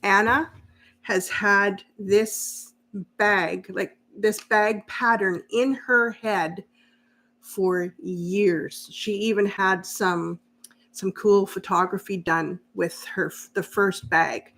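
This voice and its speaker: A woman's voice: mid-range voice, fairly even intonation, slow, fairly bright tone. A woman hosting a casual live sewing stream, chatting and laughing easily as she answers viewer comments while she works. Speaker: sewing channel host.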